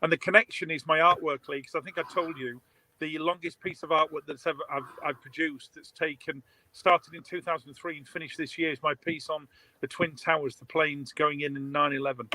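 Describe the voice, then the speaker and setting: Emphatic man with a bright voice. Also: fairly high pitch, fairly even intonation, a little fast, slight background noise, poor audio. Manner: emphatic, enthusiastic, repeats words. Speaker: guest, author and artist. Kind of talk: casual chat.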